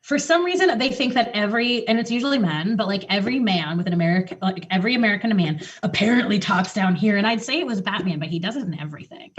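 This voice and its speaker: A woman co-hosting a casual podcast chat, talking in quick, animated bursts with restarts and the odd swear word. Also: mid-range voice. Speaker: podcast co-host. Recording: muffled lo-fi audio.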